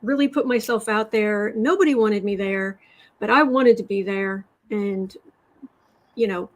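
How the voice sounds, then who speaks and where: A woman from West Virginia hosting a tarot and astrology livestream, telling stories in a rambling, animated way with sudden emphatic outbursts. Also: mid-range voice, a little slow. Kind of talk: casual chat, storytelling.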